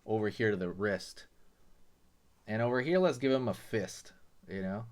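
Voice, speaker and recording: Speaking at a moderate pace in a lowish voice, a man hosts a drawing lesson, explaining each step in a relaxed, chatty way. He leans heavily on fillers like "you know" and "right."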